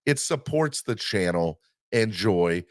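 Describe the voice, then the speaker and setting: A man hosting a live sports fan podcast, talking in an animated, rambling way with many fillers. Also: fairly low pitch, slow, no echo, clean studio sound. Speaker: podcast host.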